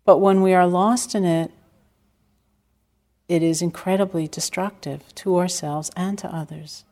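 An older woman teaching meditation in a calm, reflective dharma talk, telling stories with gentle self-deprecating humor. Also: lowish voice, measured pace. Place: retreat center hall.

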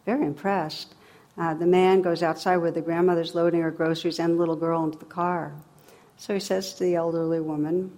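A woman's voice: fairly low pitch, flat delivery, fairly quick, darkish tone. A middle-aged woman giving a dharma talk as a meditation teacher, wry and humorous, then reflective.

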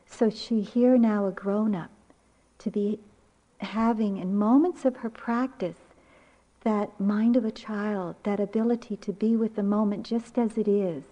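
An older woman giving a dharma talk as a meditation teacher, with reflective, unhurried storytelling. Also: medium pitch, steady tone, mellow. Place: retreat center meditation hall. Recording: muffled lecture recording.

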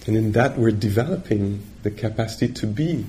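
A male meditation teacher giving a dharma talk on retreat, gentle and reflective, pausing often as he searches for words. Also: mid-range voice, a little hiss or hum. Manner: halting, searching for words with many pauses.

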